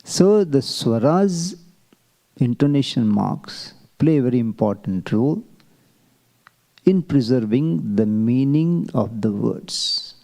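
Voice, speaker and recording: A man teaching a Vedic chanting class, explaining slowly and asking rhetorical questions. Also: medium pitch, lively intonation, creaky, dark tone. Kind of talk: classroom lecture.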